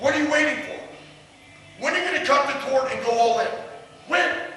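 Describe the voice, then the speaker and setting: Middle-aged man, football coach firing questions at his team; high, sharp voice in a roomy hall far from the mic. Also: normal speed, pauses often. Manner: intense, preaching, repeated challenging questions. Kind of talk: motivational team speech. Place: large echoey room with the team. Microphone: far camera. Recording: echoey hall recorded from far off.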